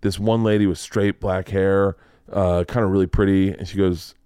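Lively man telling a story. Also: low voice, moderate pace, clean tone, dry recording, studio quality. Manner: animated, acts out quoted voices, swears freely. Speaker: podcast host. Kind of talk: casual storytelling.

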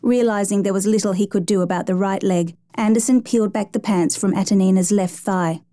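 A woman narrating a true rescue story in a measured, even storytelling manner. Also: mid-range voice. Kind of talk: scripted narration.

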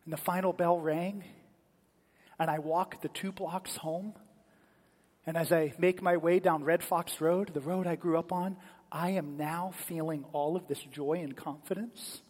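A male pastor giving a sermon as animated, dramatic storytelling in a church sanctuary. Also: on the high side, unhurried, long reverb tail.

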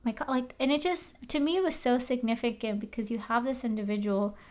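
A woman in casual recap chat, animated, swearing and using many fillers. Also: fairly high pitch, fairly quick.

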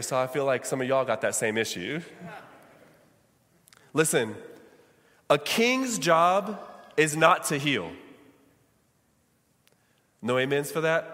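Man, pastor, sermon, high voice, long church reverb. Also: a bit bright. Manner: preaching, calls out to the congregation. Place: church sanctuary.

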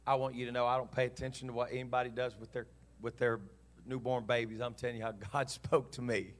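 A pastor preaches a sermon in a mid-range voice, speaking fast with a flat delivery. He tells a story in an earnest, heartfelt way, voicing both sides of a dialogue.

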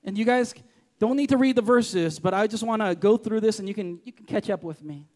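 A man's voice: high voice, fairly quick, a little mellow. A middle-aged man preaching a sermon in church, passionate and emphatic, repeating key lines for weight. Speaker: pastor.

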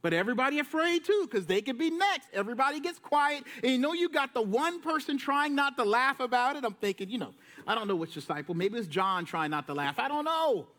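Lively high-voiced pastor preaching. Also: male voice, brisk, few pauses. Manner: lively storytelling, acting out Jesus and disciples in slang. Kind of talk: sermon. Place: church sanctuary.

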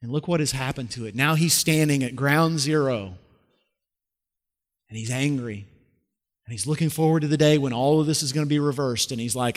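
A middle-aged male pastor preaches in a lively, conversational way. He asks the congregation questions and often restarts his sentences. His voice sits a little high for a man, and the long reverb of a large hall trails after each phrase. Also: moderate pace. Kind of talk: sermon.

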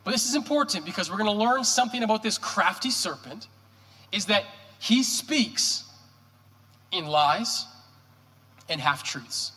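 A male pastor preaching a sermon in a church, animated and joking, firing off rhetorical questions. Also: high voice, unhurried, long pauses. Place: church sanctuary. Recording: reverberant church hall.

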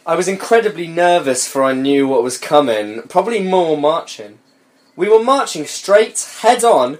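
A man's voice: fairly high pitch, lively intonation, normal speed, slight background noise. A young man reading a story aloud on a comedy podcast, breaking off for sarcastic, sweary remarks and frequent laughter.

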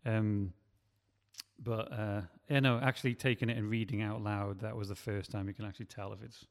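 This is a man with a lowish voice who talks through his screenwriting process in a relaxed, rambling way, often stopping to rephrase. The recording has a noticeable long reverb, as if captured in a large room. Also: fairly quick. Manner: rambling, self-correcting. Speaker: writer and producer. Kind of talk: casual chat.

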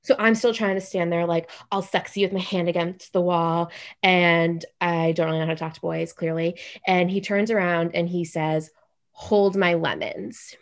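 A young adult woman telling a funny story in casual podcast chat, animated and full of "like". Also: lowish voice. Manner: animated, fast, heavy use of "like".

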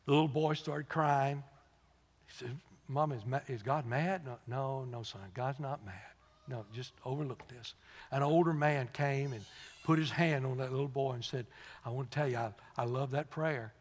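A man preaching a sermon in a folksy storytelling manner, dropping to soft asides and rising to loud, emphatic peaks. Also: mid-range voice, normal speed. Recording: long reverb of a large hall.

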